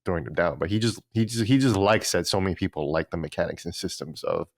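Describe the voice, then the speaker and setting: A man's voice: low-pitched, fast, dry recording, studio quality. A man co-hosting a gaming podcast, chatting casually and often repeating and restarting words. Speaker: podcast co-host. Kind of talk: casual chat.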